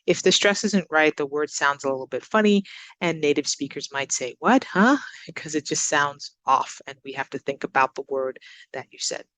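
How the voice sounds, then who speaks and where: A woman teaching English to learners, giving example sentences and repeating words slowly with exaggerated stress. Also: low voice, steady tone, fairly bright tone. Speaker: ESL teacher. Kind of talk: recorded English lesson.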